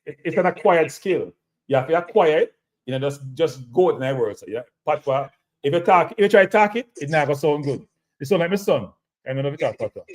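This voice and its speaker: Emphatic Jamaican football show host. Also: male voice, on the high side, expressive, fast. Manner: repetitive, emphatic, addresses viewers as people. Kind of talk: casual football analysis chat.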